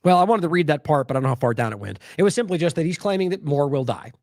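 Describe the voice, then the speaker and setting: A man giving solo news commentary, sarcastic and animated, mocking the lines he quotes in put-on voices and restarting often as he scrolls his sources. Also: a little high, very fast, dry recording, studio quality. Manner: talks in bursts with restarts while scrolling sources.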